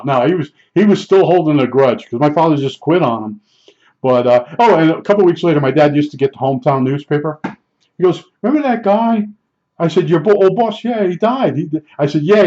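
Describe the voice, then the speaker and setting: A man's voice: on the high side, darkish tone. An older man telling long, rambling stories from his life in a chatty way, full of fillers and restarts. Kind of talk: casual storytelling. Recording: dull lo-fi recording.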